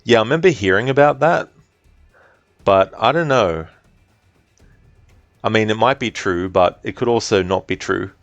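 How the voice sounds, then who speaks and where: A man's voice: lowish voice, moderate pace, pauses often, dry recording, muffled recording, soft background music. A man streaming a game, chatting casually, reading chat aloud and swearing now and then. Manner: relaxed, chatty, reads chat aloud, swears, laughs often.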